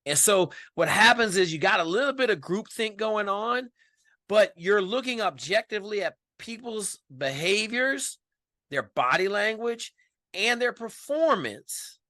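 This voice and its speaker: A man as a podcast guest, telling stories in a colloquial, emphatic, animated way. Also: high voice, dry recording, studio quality. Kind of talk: casual storytelling interview.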